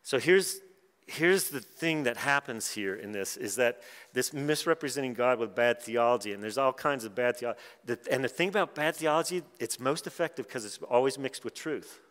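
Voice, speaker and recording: A man's voice: medium pitch, normal speed, fairly bright tone. A middle-aged man preaching at a conference in a conversational way, with wry asides. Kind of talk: conference sermon. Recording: long hall reverb.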